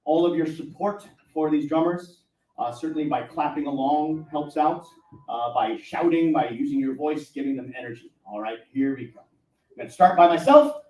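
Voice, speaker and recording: A man's voice: fairly high pitch, normal speed, a little mellow. A man teaching taiko drumming to a live audience, upbeat and encouraging, cracking self-deprecating jokes as he talks them through it. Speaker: taiko instructor. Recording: echoey room from far off, faint music.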